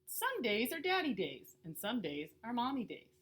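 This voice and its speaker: A woman reading a children's picture book aloud in a slow, lilting way. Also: slightly rough. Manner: slow and lilting, lively pitch with playful character voices. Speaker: storybook reader.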